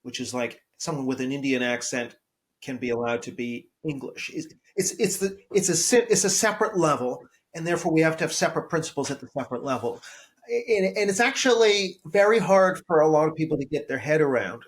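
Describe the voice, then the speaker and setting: A man speaking as a professor guest on a podcast interview, arguing in a measured, analytical way and often repeating words as he builds a point. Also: on the high side, animated.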